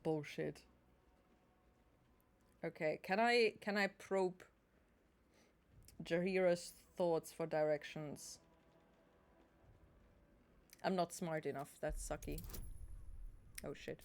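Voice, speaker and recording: A woman's voice: sits low, slow, long pauses. A woman streaming a video game, talking casually with sarcasm, swearing and frequent laughs. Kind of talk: casual gaming commentary.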